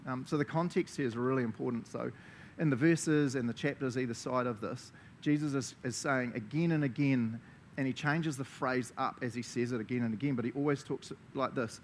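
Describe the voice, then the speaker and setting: New Zealand male preacher, animated sermon, mid-pitched voice, faint rumble behind. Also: fairly quick. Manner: animated, laughing, acts out quoted voices.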